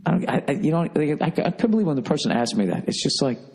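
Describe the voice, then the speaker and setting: A man's voice: on the high side, big pitch swings, fast, few pauses, darkish tone, slightly rough. A man hosting a podcast, telling a story in a casual, profane, emphatic monologue. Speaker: podcast host.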